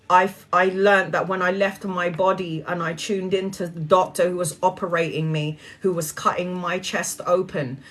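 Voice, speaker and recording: A woman talks to her viewers about spirit and the present moment. She is earnest and a little preachy, with easy laughs between her points. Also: fairly low pitch. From Brazilian heritage. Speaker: spiritual speaker. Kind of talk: casual spiritual talk to viewers.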